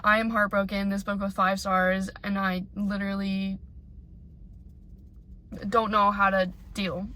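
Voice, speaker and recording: A woman's voice: medium pitch, sharp tone, a little hiss or hum. Chatty young woman vlogging from her car. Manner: gushing, emotional, rambling. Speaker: book vlogger. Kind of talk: casual reading vlog chat.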